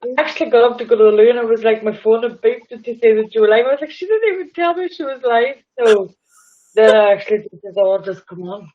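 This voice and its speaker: A woman calling in to a livestream, lively and chatty. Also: a little high, fast. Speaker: friend calling in. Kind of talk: casual call-in chat. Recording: tinny phone-like line.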